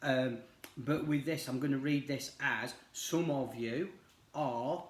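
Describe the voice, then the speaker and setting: A man's voice: mid-range voice, steady tone, takes it slowly, slight background noise. A middle-aged man chats his way through a tarot reading. He rambles, with lots of fillers and restarts. His voice has a roomy echo around it. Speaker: tarot reader. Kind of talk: casual chat while reading cards.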